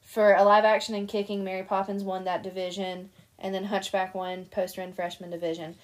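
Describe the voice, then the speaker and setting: A young woman co-hosts a relaxed podcast chat. She tells stories with lots of energy and laughs often as she talks. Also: mid-range voice, a little fast. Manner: animated storyteller, laughs often. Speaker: podcast co-host. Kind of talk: casual chat.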